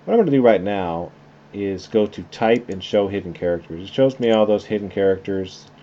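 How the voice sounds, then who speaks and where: In a screen-recorded software lesson, a man speaks a little fast with fairly low pitch, keeping things relaxed and conversational as he reasons aloud while clicking through for his class. Faint noise sits under slightly dull, lo-fi audio.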